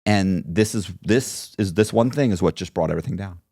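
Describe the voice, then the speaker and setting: As a guest on a podcast, this man spins a lengthy tale with energy, performing the voices of everyone he quotes. He speaks somewhat quickly in a deep voice.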